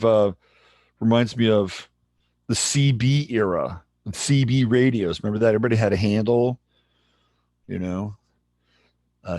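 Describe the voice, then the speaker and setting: A man hosting a livestream in casual chat, relaxed and rambling as he greets viewers. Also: lowish voice, no echo. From San Jose, California, USA. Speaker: livestream host.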